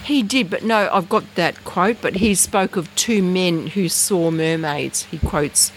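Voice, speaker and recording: Animated woman telling stories. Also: unhurried, a little hiss or hum, rough recording. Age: middle-aged. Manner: animated, jumps high in pitch for quoted voices. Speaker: guest storyteller. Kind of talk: casual outdoor chat. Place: outdoors at night in bush.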